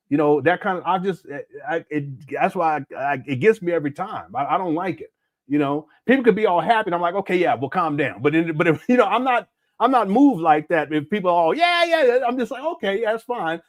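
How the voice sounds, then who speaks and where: A man with a high voice that jumps up and down a lot, hosting a livestream. He jokes and curses freely and stumbles over his own words. The sound is dry and close. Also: dry recording. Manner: loose, joking and profane, trips over his words. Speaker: livestream host. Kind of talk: casual reaction commentary.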